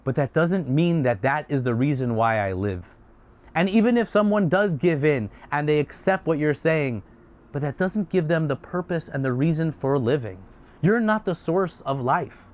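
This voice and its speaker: A man voicing a defiant young man who stands up to a tyrant in an impassioned speech. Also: a little high.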